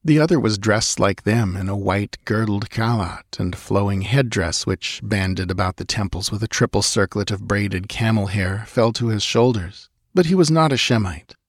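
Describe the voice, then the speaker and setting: Guy reading a fantasy audiobook, low husky voice, dry close sound. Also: normal speed, few pauses, no room sound. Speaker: audiobook narrator. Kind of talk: scripted narration.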